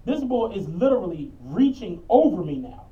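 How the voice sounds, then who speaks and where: A man's voice: sits high, sing-song, moderate pace, dark tone. A man telling stories in a laid-back, profane way as a podcast co-host. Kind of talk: casual storytelling chat. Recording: distant, dull lo-fi mic.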